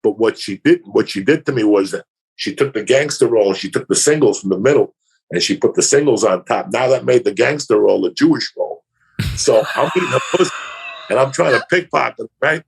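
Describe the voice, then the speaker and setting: A man spins a crude, profane story in a relaxed podcast conversation. His voice is husky and gravelly, and he lets the pitch rise and fall freely as he talks. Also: brisk. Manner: crude, profane, animated anecdote-telling. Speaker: comedian guest.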